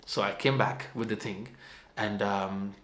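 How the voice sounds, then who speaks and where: A man's voice: fairly low pitch, fairly even intonation, unhurried, fairly bright tone. A young adult man telling a personal story as a vlogger, in a meandering, conversational and self-mocking way. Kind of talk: casual storytelling. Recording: roomy echo.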